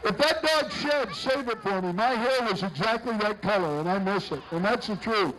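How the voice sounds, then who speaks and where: A man's voice: high-pitched, lively intonation, moderate pace, a bit bright, low-quality recording. A man announcing a street parade outdoors, joking and bantering with the people passing by. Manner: jokey, bantering with passing entrants. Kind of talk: live parade commentary.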